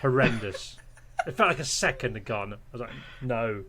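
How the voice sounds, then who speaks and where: A man spins a long, rambling story in a casual podcast chat. He talks at a middle pitch with plenty of restarts, asides and chuckles. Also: lively intonation, fairly quick, a crowd in the background. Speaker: podcast guest. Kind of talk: casual anecdote telling.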